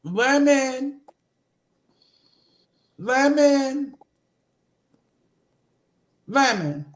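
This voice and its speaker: A man playing a sassy, flirtatious woman host with a high, unhurried voice that lingers on each coaxing word. She sweet-talks and teases her guests in a roomy, echoing space. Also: expressive. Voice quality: coaxing, teasing, sweet-talking. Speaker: show host. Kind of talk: casual avatar chat show.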